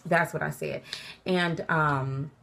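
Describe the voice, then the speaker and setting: A woman recounts a personal story to the camera in a relaxed vlog. Her voice sits a little low, but she laughs easily and jumps high when she quotes people. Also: slow, gravelly. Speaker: vlogger.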